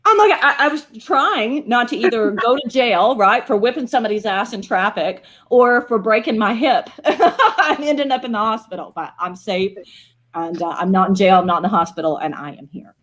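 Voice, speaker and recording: Animated woman telling a story. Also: a little high, moderate pace. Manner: animated storytelling with frequent laughs. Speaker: co-host. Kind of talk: casual chat.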